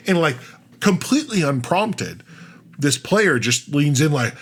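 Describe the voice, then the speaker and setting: A man co-hosting a podcast, retelling a tabletop game session in a rambling, animated way, full of restarts and fillers. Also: fairly high pitch, normal speed, breathy edge. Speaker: podcast co-host. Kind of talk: casual storytelling chat.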